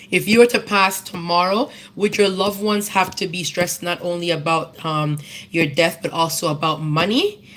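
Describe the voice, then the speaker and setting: A woman's voice: on the low side, a bit bright, rough recording. Earnest woman giving a tribute. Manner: conversational storytelling, earnest appeals. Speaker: speaker at a memorial service. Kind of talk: personal tribute speech.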